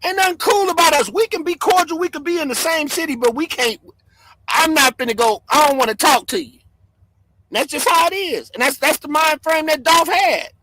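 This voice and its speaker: Man, very high voice, bright sharp tone, yelling livestream host, dry close sound. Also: animated, moderate pace, no room sound. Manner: yelling, fired-up, cursing. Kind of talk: loud commentary livestream. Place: home.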